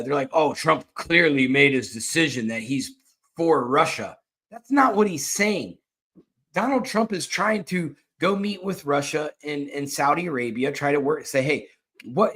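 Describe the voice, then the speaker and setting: Emphatic man with a fairly high voice. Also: fairly bright tone. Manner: emphatic, repetitive restarts, blunt. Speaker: political commentary host. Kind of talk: opinionated political commentary.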